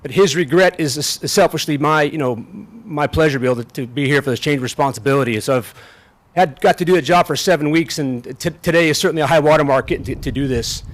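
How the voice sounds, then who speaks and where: Middle-aged male general, outdoor ceremony speech, slightly higher voice, halting and folksy. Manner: folksy, self-deprecating, halting with restarts. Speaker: general officer speaking at a ceremony. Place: outdoors on a field.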